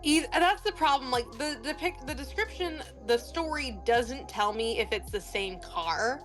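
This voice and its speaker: A woman's voice: sits high, expressive, moderate pace, fairly bright tone, soft background music. A woman co-hosting a live stream, recounting a story casually and laughing along. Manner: chatty, storytelling, laughs often. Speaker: streamer co-host.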